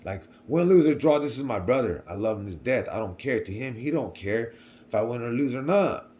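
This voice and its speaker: A man's voice: medium pitch, expressive, brisk. A young man telling a personal story to camera in a casual, rambling way, often repeating himself. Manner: rambling, repeats words, swings between quiet and loud. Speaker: vlogger.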